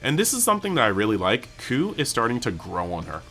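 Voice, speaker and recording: A man hosting a casual anime episode breakdown, talking excitably and peppering his speech with "like". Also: mid-range voice, quick pace, gravelly, soft background music. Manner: excitable, heavy use of "like". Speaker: anime channel host.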